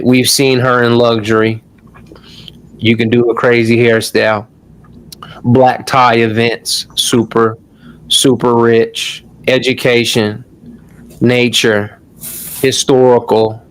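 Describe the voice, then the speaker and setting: A man runs a relaxed live-stream lesson in a loose, chatty way, tossing in the odd curse and a steady "y'all". His voice sits at an ordinary middle pitch for a man. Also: slow, long pauses, smooth. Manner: loose and chatty, swears, calls the audience "y'all". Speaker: online course host. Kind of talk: casual live-stream tutorial.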